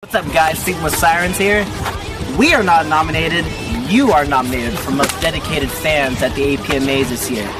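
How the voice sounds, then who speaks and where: A man gives fans a loud, upbeat promo shout-out. His voice is a touch high for a man. Loud music blares behind him. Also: moderate pace. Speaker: band member giving a shout-out.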